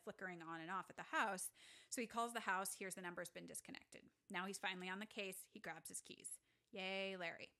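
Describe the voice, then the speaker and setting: On a podcast she co-hosts, a young woman retells a movie one scene at a time in a casual way, voicing the characters' dialogue herself. She speaks in a mid-range voice with a sharp tone.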